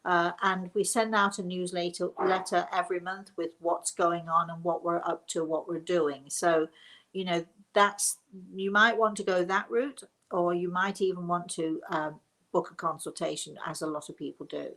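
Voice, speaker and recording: Middle-aged english lady medium rambling on a livestream, bit low voice, lots of restarts. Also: steady tone, moderate pace, a bit bright. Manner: chatty, rambling, with many restarts and laughs. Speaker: psychic medium and show host. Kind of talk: live-stream question and answer.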